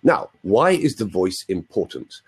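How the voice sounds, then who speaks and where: A man in his sixties with a London accent spins stories in a chatty, playful way, checking in with listeners as he goes. His voice sits low, with a slightly husky edge. His pitch swings widely as he talks. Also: very animated, unhurried. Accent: London English. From London, England. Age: 60s. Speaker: guest. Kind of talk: storytelling on a live video chat.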